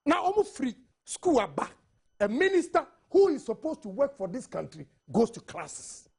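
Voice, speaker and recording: Impassioned husky Ghanaian man. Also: extremely high pitch, wildly swooping pitch, normal speed. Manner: impassioned, argumentative, rhetorical questions. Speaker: studio panelist. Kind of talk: TV newspaper review commentary. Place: TV studio.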